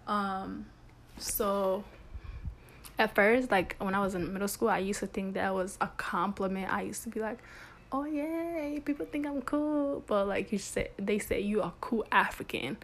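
A woman's voice: mid-range voice, little pitch movement, moderate pace, fairly bright tone. A young woman hosting a podcast, talking candidly in a chatty way, with lots of restarts and "like". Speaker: podcast host. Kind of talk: casual solo talk.

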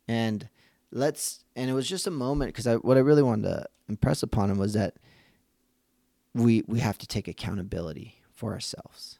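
A man's voice: lowish voice, a little fast, creaky, dark tone, no room sound, studio quality. A man hosting a podcast for dads, talking in an earnest, reflective way, often restarting his sentences and acting out the voices of people he quotes. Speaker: podcast host. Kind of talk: casual reflective monologue.

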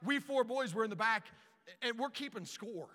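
A man preaching a storytelling sermon, animated and stumbling over repeated words as he starts sentences. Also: extremely high pitch, moderate pace, big-room sound.

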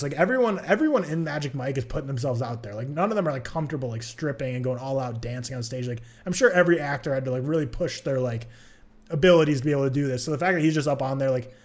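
A man co-hosting a casual movie podcast, ranting in an animated way about films. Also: medium pitch. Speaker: podcast co-host. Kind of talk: casual chat.

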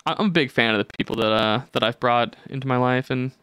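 A young man co-hosting a podcast, telling stories in casual chat, animated and swearing freely, acting out the people he quotes. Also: medium pitch, quick pace, smooth, no room sound. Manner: swears a lot, animated storytelling with quoted voices. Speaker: podcast co-host.

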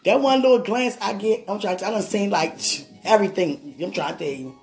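A woman's voice: medium pitch, brisk, darkish tone, faint music behind. Rambling woman, affectionate monologue. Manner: rambling, affectionate, often asks "you understand?". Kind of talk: emotional monologue to a loved one. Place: sitting on a bed indoors.

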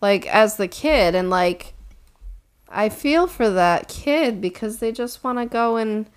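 A woman talking casually in a frank, emphatic way. Her voice has an ordinary middle pitch, and she keeps cutting in with quick agreement. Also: lively intonation, smooth. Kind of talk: casual chat.

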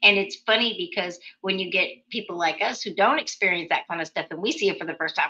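Woman talk show host, bright and chatty; muffled lo-fi recording. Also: on the low side, fast talker, hardly any pauses. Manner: chatty, reads listener questions, laughs easily. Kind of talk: casual chat. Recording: dull lo-fi audio.

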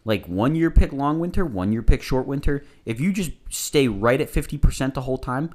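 A man co-hosting a podcast, telling stories in animated casual chat. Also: medium pitch, fairly quick. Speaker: podcast co-host.

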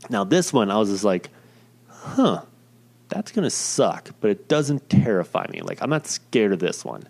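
A man's voice: fairly low pitch, expressive, a little fast, creaky, darkish tone. A young man casually telling a personal story in a rambling, profane, self-deprecating way.

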